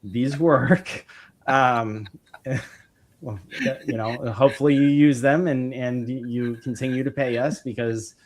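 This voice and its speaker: A man's voice: mid-range voice, fairly even intonation, a little slow. A man, a podcast guest, talking through his business methods in an enthusiastic, rambling way, with many fillers and restarts. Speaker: podcast guest, real estate investor. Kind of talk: casual interview chat.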